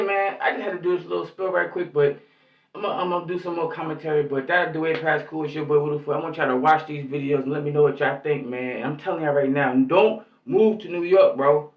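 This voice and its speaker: A man's voice: high-pitched, a bit bright. Heated, profane man ranting in slang. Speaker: YouTube commentator. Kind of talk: angry vlog commentary. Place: lives in New York. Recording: echoey, distant, muffled lo-fi sound.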